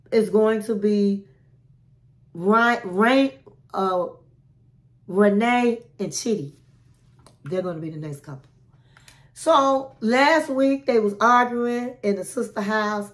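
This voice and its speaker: A woman hosting a casual reality TV recap, telling it in a sassy, animated way and calling the listener honey. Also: mid-range voice.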